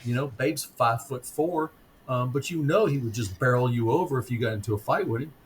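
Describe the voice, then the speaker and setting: A man in his fifties, a guest author telling stories in a conversational interview, speaking haltingly with frequent ums and restarts. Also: mid-range voice, a little hiss or hum, low-quality recording. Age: 50s.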